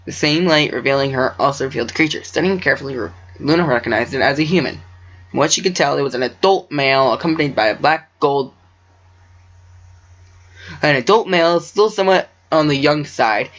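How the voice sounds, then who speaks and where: Man reading own story, self-correcting, joking asides, slightly high voice, dull lo-fi recording. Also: expressive, fairly quick, a bit bright. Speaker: amateur story reader.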